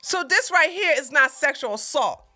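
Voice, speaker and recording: A woman's voice: high voice, expressive, moderate pace, faint music behind. A woman hosting a livestream, giving heated, profane commentary on a clip and mocking what she hears. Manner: blunt, cursing, mocking, laughs loudly; rants and repeats points to chat. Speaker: livestream host reacting to a clip.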